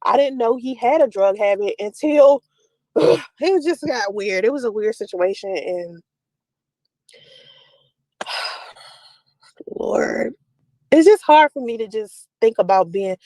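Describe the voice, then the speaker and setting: A woman's voice: a little high, lively intonation, slow pace, pauses often, warm tone, no room sound, poor audio. A woman talking at length about her family and personal life, rambling and confessional, full of "like" fillers. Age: adult with a daughter. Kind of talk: personal talk to camera.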